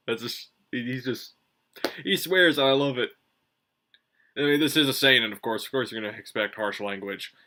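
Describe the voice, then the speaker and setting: A man's voice: medium pitch, moderate pace, pauses often, bright, forceful tone. A man giving a casual, rambling review, swearing freely and filling gaps with "like" and "um". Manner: rambling, profane, many fillers and restarts. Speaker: manga reviewer. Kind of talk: casual solo review commentary.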